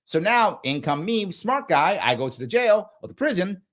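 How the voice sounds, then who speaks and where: Hosting a live reaction show, this man reacts to a clip in a voice that sits high, at a normal speed. His delivery is emphatic and repetitive, and he animatedly performs the voices of anyone he quotes.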